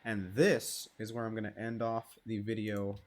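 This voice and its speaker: A man's voice: on the low side, flat delivery, normal speed, a little hiss or hum. A man giving casual, rambling gameplay commentary, joking and swearing as he plays. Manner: laid-back, rambling and joking, with frequent swearing. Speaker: gamer.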